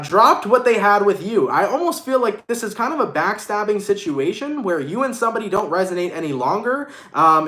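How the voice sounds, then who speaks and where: A man with a fairly high voice does a live-streamed tarot reading in loose, slangy banter, cursing freely and thanking viewers by name. His voice rings off the walls of an echoey room. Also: a bit bright, a little hiss or hum. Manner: casual slangy banter, swears, acts out mocking voices. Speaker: tarot reader.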